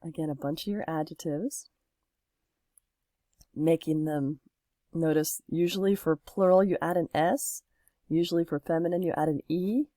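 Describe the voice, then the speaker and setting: A woman with a slightly low voice walks through a French lesson, patient and steady, explaining each step with examples. The sound is dry and close, with no room around it. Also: normal speed, pauses often, no echo. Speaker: French teacher. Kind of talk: recorded classroom lesson.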